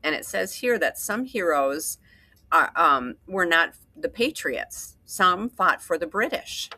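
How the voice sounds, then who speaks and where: A woman teacher reading a story aloud and slowly explaining vocabulary words with patient repetition. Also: lowish voice, animated, bright, forceful tone, no echo.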